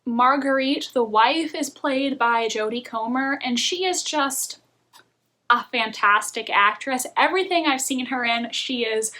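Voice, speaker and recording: Bright-voiced woman reviewing films. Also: high voice, measured pace. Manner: chatty and candid, laughs often. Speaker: book and film reviewer. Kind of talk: casual review vlog.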